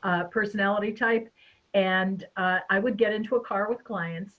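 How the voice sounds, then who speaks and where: An expressive, chatty woman hosting a webinar over a video call. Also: mid-range voice, moderate pace, dull audio. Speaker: webinar host. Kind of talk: casual webinar chat.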